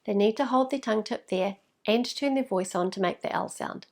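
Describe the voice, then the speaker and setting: A woman, a speech therapist explaining to parents how to teach a sound, patient and clear, modelling sounds slowly. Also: medium pitch.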